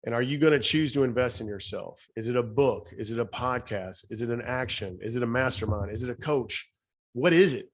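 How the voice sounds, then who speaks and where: A man's voice: medium pitch, fairly quick. Southern man, emphatic motivational speaker. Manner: emphatic, repeats key phrases. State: slightly shaky voice. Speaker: podcast guest, speaker and author. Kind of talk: motivational podcast talk.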